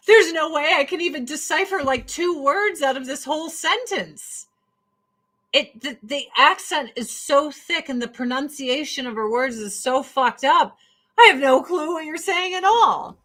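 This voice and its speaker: Bright-voiced, blunt, swearing woman. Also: high-pitched, lively intonation, measured pace. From United States. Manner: blunt, profane, jumping between topics. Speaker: livestream host. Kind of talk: casual rant to viewers.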